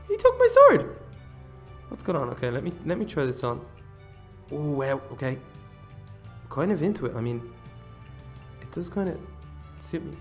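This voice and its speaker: A man hosting a role-play game commentary, excitable and chatty, talking to his viewers and swinging from hushed asides to loud exclamations. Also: on the high side. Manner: excitable, talks to viewers, jumps between hush and loud exclamations. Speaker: gaming channel host.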